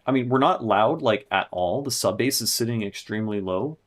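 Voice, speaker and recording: A young man, a music producer on a live stream, thinking aloud and swearing in frustration as he fixes a mix. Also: fairly low pitch. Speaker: music producer streaming his mixing session. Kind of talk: casual live-stream talk.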